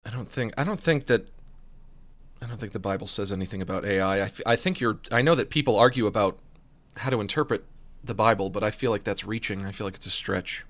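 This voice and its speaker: A man streaming, reacting to a video with jokey, animated commentary, reading text aloud and sometimes talking with his mouth full. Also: on the low side, fast talker.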